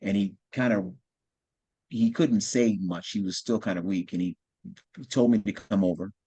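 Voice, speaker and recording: A man, a guest on a podcast, telling a personal story in a quiet, heartfelt, reflective way. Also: low-pitched, moderate pace, slightly rough, no room sound, dull audio. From United States.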